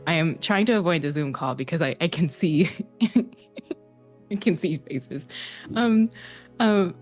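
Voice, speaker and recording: A woman player giving a hesitant, halting farewell, close to tears, with many pauses and ums. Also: low-pitched, animated, a little mellow, soft background music. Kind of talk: emotional outro chat.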